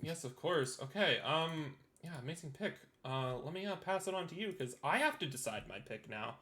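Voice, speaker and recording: A young man hosts a live esports draft stream with a bright, forceful voice pitched a little high. He talks in stop-start bursts full of ums and uhs while he keeps the picks moving. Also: animated, moderate pace. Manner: hesitant, many ums and uhs. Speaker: draft host and team owner.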